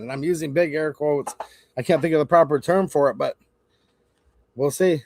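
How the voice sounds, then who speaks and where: A man's voice: on the high side, a little fast, a little mellow, dry recording, studio quality. Blunt, opinionated live-stream host, a man. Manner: blunt, opinionated, talks straight to chat. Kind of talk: casual live-stream commentary.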